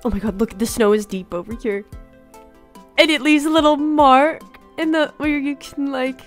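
A woman giving excited first-reaction commentary on a game update, gasping, giggling and repeating herself. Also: high-pitched, normal speed. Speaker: gaming YouTuber. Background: faint background music.

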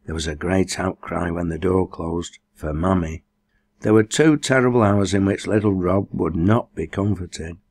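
A man's voice: low-pitched, normal speed, darkish tone. A man reading a novel aloud as an audiobook, raising his voice for the dialect dialogue. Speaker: audiobook reader. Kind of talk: scripted narration.

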